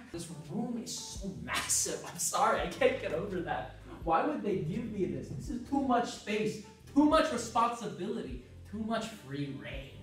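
Man, lively swooping voice, laughing, swearing, casual vlog banter. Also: high voice. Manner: animated, laughing, swearing, quick jokey outbursts. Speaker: content creator. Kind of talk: casual vlog reading fan messages.

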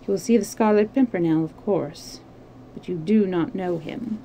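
A woman voicing a proud, frightened young noblewoman in a storybook reading, in an even, mechanical tone. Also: fairly low pitch, moderate pace, slight background noise, close to an everyday voice, low-quality recording. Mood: strained.

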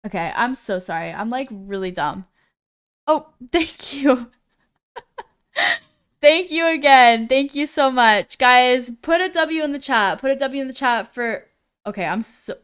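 A woman's voice: high voice, expressive, measured pace, a bit bright, smooth. A woman streaming live, chatting casually as she reads viewers' messages aloud, often stumbling over names and apologizing.

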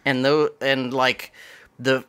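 A man co-hosting a casual movie review podcast who retells scenes animatedly and acts out the characters in quick voices. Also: medium pitch, level tone, bright, forceful tone, clean tone. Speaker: podcast co-host.

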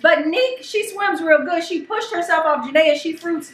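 A middle-aged woman and mother, hosting a home vlog, telling a story in an animated, excitable way. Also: very high voice, normal speed, reverberant, recorded from a distance, slight background noise. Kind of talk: casual storytelling. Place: home kitchen.

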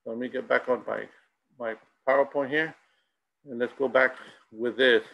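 A middle-aged man speaks at a school in both Spanish and English, telling anecdotes at a moderate pace. His mid-range voice is creaky and steady, and the audio is dull.

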